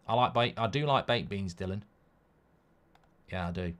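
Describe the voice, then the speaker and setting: A man hosting a football watchalong stream. He chats casually, reads viewer comments aloud and rambles through stories in a blunt way, swinging between loud outbursts and low mutters. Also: expressive, fairly quick, long pauses. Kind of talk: live-stream casual chat.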